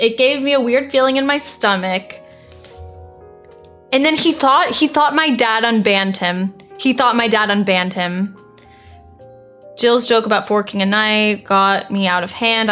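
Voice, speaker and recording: A young American woman streamer reads viewer messages aloud, blunt and exasperated and quick to deny things. Her voice is medium-pitched and fairly bright.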